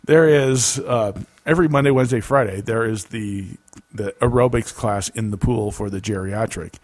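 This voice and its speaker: A man's voice: on the low side, normal speed, no room sound. A man co-hosting a casual comedy podcast, telling stories animatedly and laughing often. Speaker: podcast co-host.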